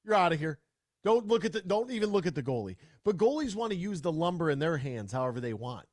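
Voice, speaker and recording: A man hosting a sports talk radio show in a fired-up, ranting style. His voice sits a bit high, and he keeps restarting his sentences as he gets worked up. The sound is dry and close on a studio mic. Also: sing-song, fast, a little mellow, no room sound.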